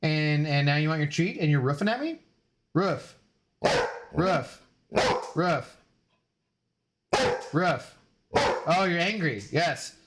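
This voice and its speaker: A man's voice: a little high, animated, moderate pace, heavy background noise. A man live-streaming from home, chatting casually with his viewers, greeting them by name and joking around. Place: home room.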